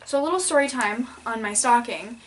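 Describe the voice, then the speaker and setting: A young woman talks to her camera at home in a slightly high voice, rambling from story to story with a deadpan tone. Her casual haul chat is packed with "like" and "um", and a faint hiss sits under the recording. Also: a little fast. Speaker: vlogger. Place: indoors at home in front of a backdrop.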